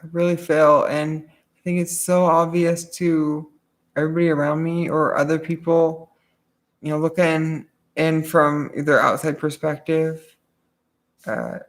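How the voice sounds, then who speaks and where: A woman streamer in a casual, confessional chat, rambling and swearing, often trailing off quietly. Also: low voice, steady tone, measured pace.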